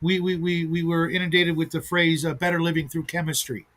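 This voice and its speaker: A man hosting a relaxed group conversation. His voice sits a little high, and he thinks aloud and circles back on his words. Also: fairly quick. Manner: rambling, with many restarts. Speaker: host. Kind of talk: casual chat.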